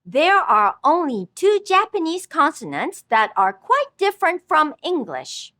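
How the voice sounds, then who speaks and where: A woman teaching a scripted language lesson, speaking slowly and clearly, with words spoken twice for the listener to repeat. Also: very high-pitched, sing-song, pushed and bright, no room sound, clean studio sound. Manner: slow, careful, clearly enunciated instruction.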